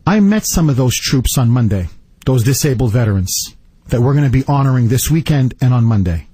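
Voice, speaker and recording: A man's voice: medium pitch, animated, brisk, mellow, breathy edge, no room sound. A man hosting a talk radio show, ranting in a combative, sarcastic way into a studio microphone. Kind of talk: political talk radio monologue.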